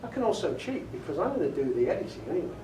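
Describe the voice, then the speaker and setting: A man's voice: a little high, very animated, racing, mellow. Guy chatting to a workshop group about narrating, laughs a lot, echoey room, faint background noise. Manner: chatty, self-amused, often laughs, demonstrates inflections. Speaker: audiobook narrator giving a workshop talk. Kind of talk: casual workshop talk. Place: meeting room before a group. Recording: echoey room, recorded from far off.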